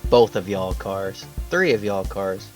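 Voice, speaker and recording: A man's voice: low voice, animated, unhurried, darkish tone, soft background music, low-quality recording. A man playing a tabletop game, making dry, joking asides. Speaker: player. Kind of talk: casual tabletop play.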